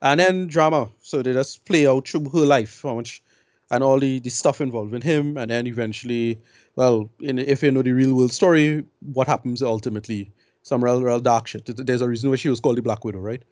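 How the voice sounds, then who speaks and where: A man's voice: medium pitch, brisk, darkish tone, no room sound. A man giving blunt, rambling film opinions in a casual podcast chat. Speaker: film review podcast co-host.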